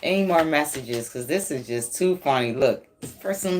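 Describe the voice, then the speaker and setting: Animated laughing woman reading tarot. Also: low voice, normal speed. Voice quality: laughs often, swears freely, very animated. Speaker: tarot reader.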